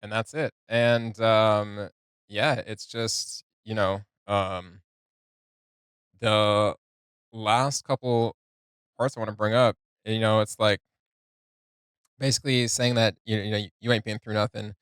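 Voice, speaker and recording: A man's voice: lowish voice, steady tone, slow pace, long pauses, a bit bright, smooth, dry recording, studio quality. A man hosting a casual music reaction, talking it through hesitantly with lots of fillers and restarts.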